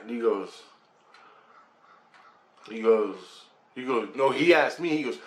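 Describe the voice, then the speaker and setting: Man, from Canada, casual storytelling, animated, acts out sounds and voices, mid-pitched voice. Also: a little slow, long pauses. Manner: swears casually, laughs while telling. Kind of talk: casual first-person storytelling.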